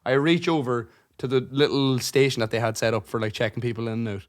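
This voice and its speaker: Guy in his 30s, swears a lot, tells stories all worked up, avg pitch. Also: fast. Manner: swears a lot, animated storytelling. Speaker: podcast co-host. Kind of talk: casual chat.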